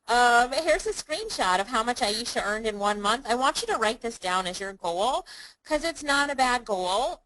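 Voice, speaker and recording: A woman's voice: fairly high pitch, fairly bright tone, rough recording. A woman hosting a live online webinar, upbeat and chatty, calling on viewers by name. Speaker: online business course host.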